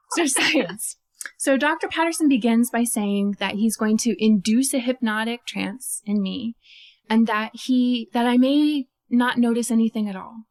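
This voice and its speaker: Lively, self-mocking woman telling a story. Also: a little high. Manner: animated and self-mocking, many fillers like "like"; laughs at her own story. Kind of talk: first-person stage storytelling.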